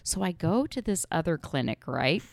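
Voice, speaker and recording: Gravelly-voiced woman, crude and laughing. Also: on the low side, sing-song, moderate pace, dry recording. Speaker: podcast host. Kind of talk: casual comedic storytelling.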